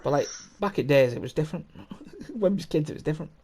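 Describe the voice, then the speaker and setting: A man's voice: fairly high pitch, lively intonation, fast talker, a little mellow, breathy edge. Rambling sweary young man telling a story. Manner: rambling, sweary, laughing, lots of restarts. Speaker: podcast host. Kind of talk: casual storytelling chat.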